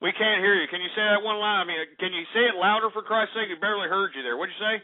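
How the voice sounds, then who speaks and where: Male talk radio host, high voice, brash and insulting, phone-like lo-fi broadcast sound. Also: fast. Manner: abrasive, insults and mocks callers.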